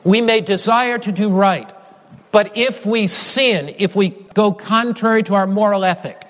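A man preaching a sermon, emphatic, with repeated phrases and slow, stressed key lines. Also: high-pitched, fairly bright tone, in a large hall.

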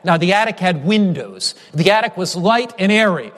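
A man's voice: high voice, big pitch swings, moderate pace, a bit bright, long reverb tail. A male pastor preaching a sermon with an emphatic, repetitive cadence.

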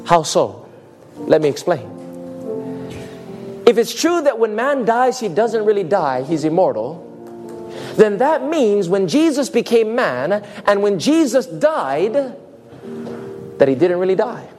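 High-voiced preacher giving an emphatic sermon. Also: male voice, big pitch swings, takes it slowly, pauses often, music in the background. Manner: emphatic, questioning the audience, drops to a hush on "friends".

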